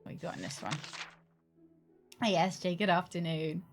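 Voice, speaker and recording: A woman's voice: fairly low pitch, big pitch swings, normal speed, music in the background. A woman streamer reading game text aloud, stumbling and correcting herself as she goes, with casual asides. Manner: chatty, stumbles and corrects herself mid-sentence.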